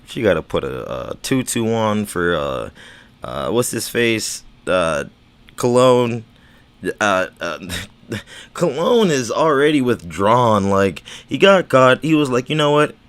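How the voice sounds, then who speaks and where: A man's voice: on the low side, sing-song, takes it slowly, a bit bright. A man with slurred speech rambling casually on a livestream, stammering, repeating words and swearing. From United States. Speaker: livestream host.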